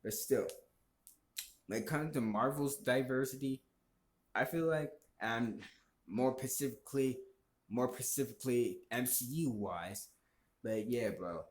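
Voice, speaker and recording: Man, vlogger, heated profane rant, rambling, average pitch, echoey room. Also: unhurried, long pauses. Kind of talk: casual opinion rant.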